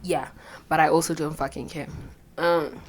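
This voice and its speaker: A young woman, telling a candid personal story with plenty of swearing and quiet whispered asides. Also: low voice, fairly even intonation, normal speed, slight background noise. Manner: blunt and profane, drops into whispered asides. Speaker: vlogger.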